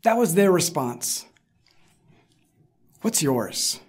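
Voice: medium pitch, big pitch swings, drawn-out words, husky. Conversational pastor giving a sermon. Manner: informal storytelling, acts out quoted lines.

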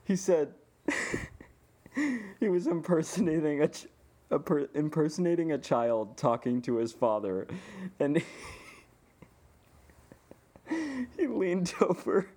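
A man's voice: fairly high pitch, slow, long pauses. Man laughing through a casual story. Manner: animated storytelling, laughs often, swears freely. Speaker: podcast co-host. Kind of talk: casual chat.

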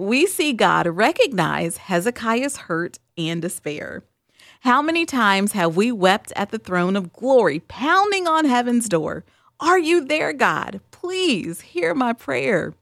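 A woman's voice: fairly high pitch, a bit bright, dry recording, studio quality. A woman hosting a spoken devotional, talking in an earnest, candid, conversational way. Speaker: devotional host.

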